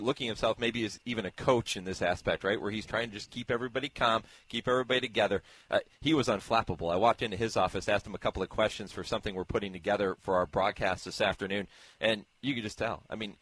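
A man hosting a horse racing radio show, telling relaxed stories from the stable area in a chatty way. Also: on the low side, fast talker, breathy edge, dry recording. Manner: chatty storyteller, relaxed anecdotes.

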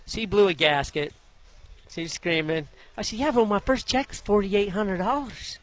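A man, a former jockey, telling stories from his riding career in a folksy, animated way in an interview, acting out the voices of the people in them. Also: sits high, normal speed. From Idaho. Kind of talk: interview storytelling.

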